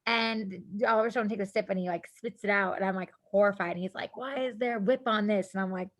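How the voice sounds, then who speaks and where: A woman guest on a podcast, telling a story in casual chat, animated, laughing often and acting out what people said. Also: mid-range voice, fairly quick. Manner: animated, laughing, acts out quotes, casual swearing.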